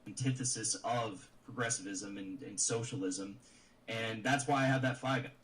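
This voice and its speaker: A man's voice: lowish voice, moderate pace, a bit bright. A man giving political commentary in an earnest, lecturing way, heard in a played clip. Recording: distant clip with faint noise.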